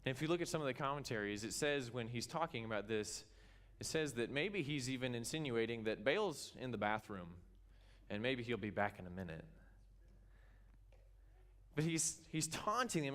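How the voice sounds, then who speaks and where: Man preaching a lively story sermon. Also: mid-range voice, moderate pace. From Kansas. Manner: animated storytelling, acting out the characters. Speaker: pastor. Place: church.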